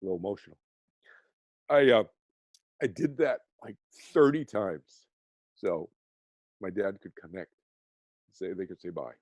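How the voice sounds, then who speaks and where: A man's voice: deep voice, animated, a little slow, long pauses, darkish tone, no echo, studio quality. A man talking as a guest, explaining earnestly with frequent restarts and checking in with "okay?". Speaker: guest, meditation teacher.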